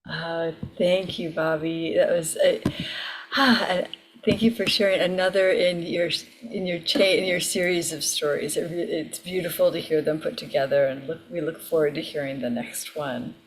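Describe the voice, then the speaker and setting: A woman hosting an online storytelling event over a video call, gentle and appreciative. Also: sits low, fairly even intonation, moderate pace, background noise. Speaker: event host.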